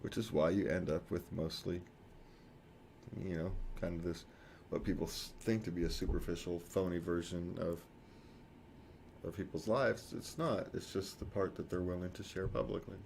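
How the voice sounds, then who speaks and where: A man's voice: low-pitched, fairly even intonation, normal speed, vocal fry, darkish tone, slight background noise. A man co-hosting a casual talk show, rambling and correcting himself, chuckling often. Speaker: podcast co-host. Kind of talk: casual chat.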